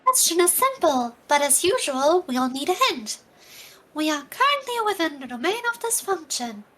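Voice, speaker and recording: A woman putting on a peppy, high, lightly British young woman. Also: moderate pace. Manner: excited and high.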